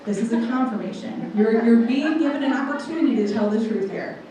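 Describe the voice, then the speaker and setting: A young woman in her twenties tells a personal testimony to a room full of people, her tone warm and mellow. She tells it in a lively way and acts out what people said. Her voice comes from well back off the mic and rings through a big echoey hall, with faint ambience behind it. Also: a little high, a little fast, far from the mic, a little hiss or hum. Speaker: guest speaker. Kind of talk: personal testimony told to an audience. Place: large room with a live audience.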